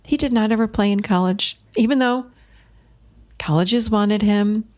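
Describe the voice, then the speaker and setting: Animated, emphatic woman podcast host. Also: medium pitch, a little slow. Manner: animated, emphatic, repeats phrases, laughs while talking. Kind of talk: solo podcast talk, coaching advice.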